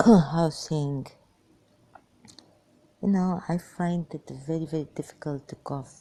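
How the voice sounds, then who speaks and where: A tired, weak woman rambling through a personal monologue for her vlog in halting, broken phrases. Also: low voice, warm tone. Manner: halting, fragmented speech with many pauses. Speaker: vlogger.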